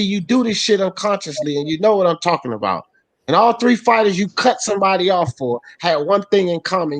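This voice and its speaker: Animated high-voiced sports talk host. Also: male voice, no echo, low-quality recording. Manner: blunt, profane, animated. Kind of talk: heated live sports talk.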